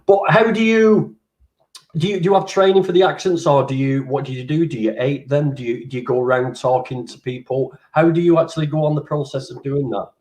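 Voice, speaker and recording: A man hosting a casual interview, chatty and animated, casually swearing. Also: a little high, brisk. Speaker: interviewer, channel host.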